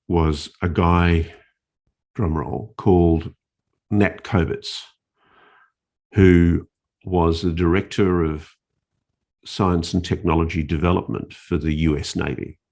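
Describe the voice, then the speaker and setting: A male journalist telling a story in casual conversation, animated and often restarting his phrases. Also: low voice. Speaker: investigative journalist, interview guest.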